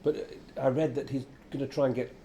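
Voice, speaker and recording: An older actor chatting as an interview guest, a lively storyteller who acts out quotes. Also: male voice, mid-range voice, fast talker, a little hiss or hum. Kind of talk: casual interview chat. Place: venue with background chatter.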